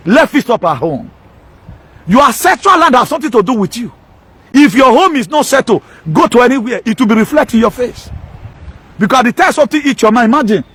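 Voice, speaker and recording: A Nigerian man preaches with fiery emphasis, firing off rhetorical questions and slipping into Pidgin. His voice sits high and a little husky. The sound is dry and close, with no room echo. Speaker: pastor. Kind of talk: impassioned sermon.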